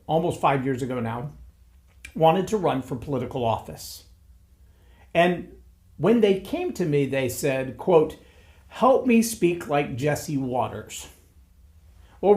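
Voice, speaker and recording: A man who coaches speakers, giving a reflective solo talk, measured and building points through repeated phrases. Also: fairly high pitch, darkish tone.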